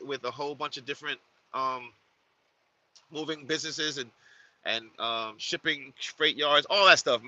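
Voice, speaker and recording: A man who drives trucks, talking casually to viewers in an animated, slangy way with lots of repetition. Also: mid-range voice, low-quality recording.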